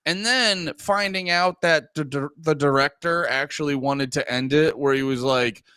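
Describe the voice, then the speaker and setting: A man's voice: a little high, moderate pace, smooth, no room sound. A man co-hosting a podcast in casual, crude banter, joking and filling his talk with "like.". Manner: lively, joking, lots of fillers. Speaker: podcast co-host.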